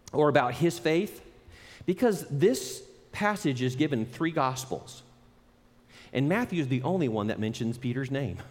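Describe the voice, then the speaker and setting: A man preaching a sermon as pastor, animated and conversational, acting out quoted voices and laughing often. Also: medium pitch. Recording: long reverb of a hall.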